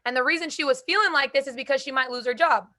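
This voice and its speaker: A young woman hosting a group call, giving an energetic, emphatic motivational talk with casual slang. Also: sits high, quick pace. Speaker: host speaking to a call group.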